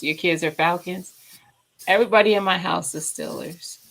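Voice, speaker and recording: A woman hosting a home cooking channel, chatting casually and trash-talking her football team in an animated way. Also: lowish voice, moderate pace, poor audio. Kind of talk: casual livestream chat.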